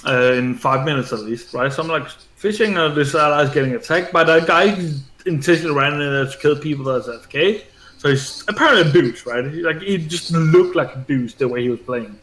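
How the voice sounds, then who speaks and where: A man's voice: fairly high pitch, brisk, a bit bright. Profane, rambling gamer man in echoey room. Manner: rambling, profane storytelling full of fillers. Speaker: gaming streamer. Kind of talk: casual gaming chat. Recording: echoey room with faint game music.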